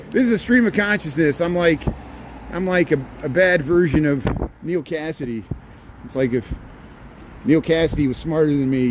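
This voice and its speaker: Male streamer on a walking tour, sarcastic rambler, phone mic outdoors. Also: medium pitch. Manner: chatty, sarcastic stream-of-consciousness rants. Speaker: livestream host. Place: outdoors on city streets. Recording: faint street noise.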